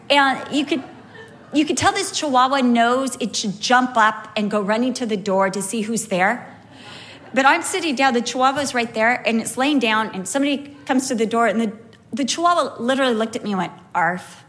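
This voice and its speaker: A woman preaching a sermon in a storytelling way. Her voice sits fairly high. She stretches key words slowly and swings her pitch widely for emphasis. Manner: animated, wide pitch swings, slow emphatic phrasing.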